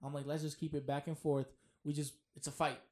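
A man's voice: on the high side, brisk. Swearing man telling wrestling stories. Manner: animated storyteller, swears freely, acts out quotes. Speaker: guest wrestler. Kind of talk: casual podcast chat.

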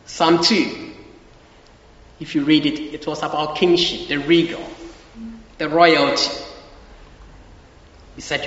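A man's voice: on the high side, measured pace, pauses often, bright, forceful tone. A man preaching a sermon with emphasis, repeating his key phrases and asking the congregation for agreement. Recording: echoey hall, dull lo-fi sound.

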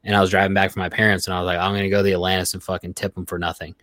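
A young man appears as a guest on a podcast, chatting casually with lots of swearing and quick asides, acting out what his coworkers said as he tells the story. His voice is deep and low with little pitch movement and a fairly bright tone. The sound is dry, close to the mic, and has no echo.

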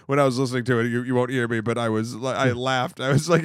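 A man co-hosting a casual podcast chat, jokey and quick with film quotes and teasing. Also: medium pitch, steady tone, clean tone, no room sound, studio quality. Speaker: podcast co-host. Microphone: studio microphone.

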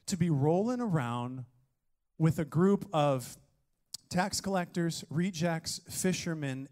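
A man preaching a sermon, energetic and joking, with playful asides to his congregation. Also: a little high. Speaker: pastor.

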